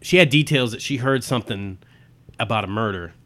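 A man takes part in a relaxed chat among friends. He throws in quick reactions and short asides, then settles into recounting a movie scene in an everyday voice. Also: mid-range voice. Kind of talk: casual chat.

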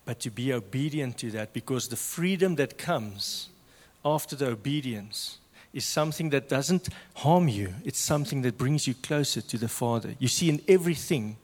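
Guy preaching, gets loud then goes real quiet, mid-pitched voice, big reverby hall. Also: animated, normal speed. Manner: impassioned, swings from loud to hushed. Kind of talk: sermon.

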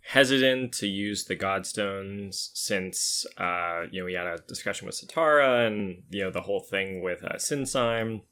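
A man's voice: low-pitched, normal speed, few pauses, bright, forceful tone. A man explaining his character's motives in a game, rambling with many likes and uhs. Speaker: player.

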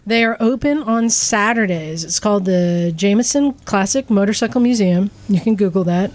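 A woman's voice: medium pitch, moderate pace. A woman telling a story in casual chat and acting out the lines of the people in it. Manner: animated storyteller, acts out quotes.

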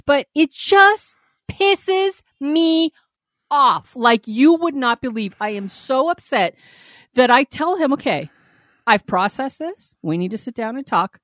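A woman co-hosting a podcast, telling a story in a lively, profane way and acting out the quoted lines. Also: high-pitched, slow pace, no room sound, studio quality. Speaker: podcast co-host. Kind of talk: casual podcast chat.

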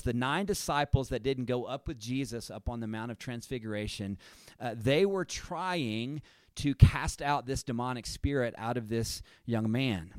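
Slow, deliberate male preacher. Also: mid-range voice, a little mellow, clean tone, dry recording. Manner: measured, emphatic, repeats key phrases. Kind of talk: sermon.

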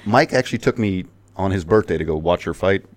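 A man co-hosting a podcast who makes deadpan jokes and mumbled asides. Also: sits low, brisk. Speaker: podcast co-host. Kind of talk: casual podcast chat.

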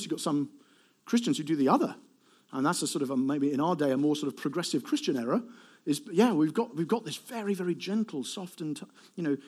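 A middle-aged man preaches an animated sermon with a fairly high-pitched voice. He asks rhetorical questions and swings between loud emphasis and soft asides.

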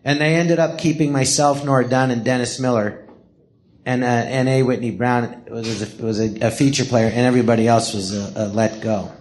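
A man's voice: mid-range voice, normal speed. A middle-aged man from the Los Angeles area, telling stories in a casual interview with lots of laughter and acted-out quotes. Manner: animated, laughing storyteller who acts out quotes. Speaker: podcast host telling stories. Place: small live theater.

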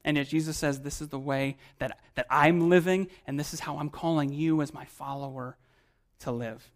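A pastor delivering a sermon to his congregation, his voice sitting a little higher than most men's. He talks in a relaxed, everyday way, full of casual turns of phrase, then leans into key points with force before dropping back down to near-hushed remarks. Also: moderate pace. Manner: conversational preaching with emphatic swells and quiet drops.

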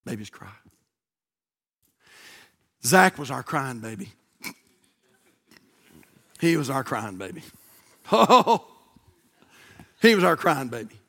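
A middle-aged male pastor preaching a sermon, swinging from shouts to near whispers. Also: mid-range voice, sing-song, slow pace, long pauses. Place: church sanctuary.

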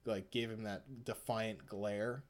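Relaxed man recapping casually. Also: on the low side, takes it slowly. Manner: rambling, swearing, laughs often. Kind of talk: casual chat, retelling an anime episode.

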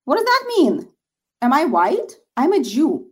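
A woman's voice: high voice, wildly swooping pitch, unhurried. A woman with a Russian accent, a guest speaking earnestly and emphatically about her organization in an interview. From former Soviet Union. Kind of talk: interview conversation.

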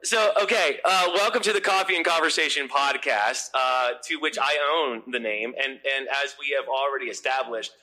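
A middle-aged man hosts a casual podcast chat with a very bright, sharp voice. He jokes and rambles, restarting his sentences as he goes. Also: medium pitch, normal speed, hardly any pauses, poor audio. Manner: joking, rambling with fillers and restarts. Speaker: podcast host.

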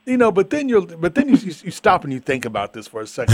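An emphatic man in casual sports talk who repeats his points with rising force. His voice is a little higher than most men's and sounds dry and close to the mic. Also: huge pitch swings, fast, husky, no echo. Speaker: sports podcast co-host. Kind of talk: casual chat.

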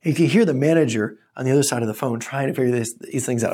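A man's voice: mid-range voice, fast talker. A man pastor preaching a teaching sermon, opening in prayer and telling stories with energy. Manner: earnest teaching, animated storytelling.

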